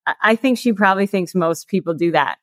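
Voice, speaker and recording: A woman's voice: on the low side, fairly quick, a bit bright, no room sound. Chatty thirties woman, interview guest; dry, close-miked sound. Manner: chatty, peppered with "like" and laughs. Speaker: guest, author and coach. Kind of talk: casual interview chat.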